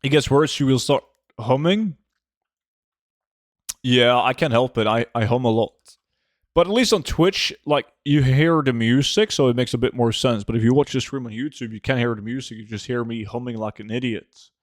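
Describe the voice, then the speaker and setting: A man, streaming a game and chatting casually with viewers, relaxed and full of fillers. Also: mid-range voice, normal speed, no room sound, clean studio sound. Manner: relaxed, answers chat with many fillers. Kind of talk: casual live-stream chat.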